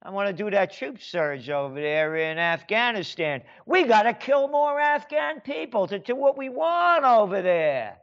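A man's voice: high voice, big pitch swings, measured pace, hardly any pauses, a bit bright, lo-fi sound. An American man and author ranting sarcastically in a monologue, firing off rhetorical questions in a heated tone. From United States.

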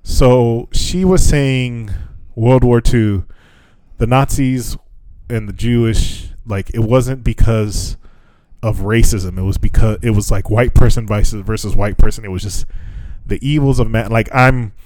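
A man's voice: mid-range voice, steady tone, a little slow, a little mellow, no room sound. A man co-hosting a podcast in loose, casual chat, swearing freely and laughing often. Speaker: podcast co-host.

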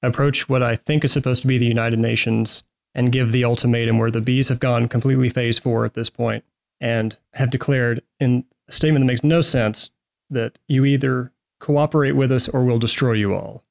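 A man's voice: medium pitch, fairly even intonation, brisk, gravelly. Podcast host, man, rambling wry movie recaps, casual chat.

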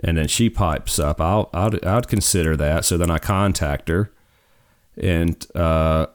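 Podcast host, man, deep voice, loose rambling delivery. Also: a little slow, clean tone. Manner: rambling, self-correcting storyteller. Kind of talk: casual podcast chat.

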